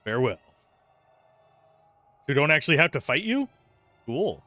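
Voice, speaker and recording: A man's voice: on the high side, very animated, moderate pace, pushed and bright, no echo, soft background music. A man giving casual, wry commentary while playing a game. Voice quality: chatty, wry, self-amused. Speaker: game streamer.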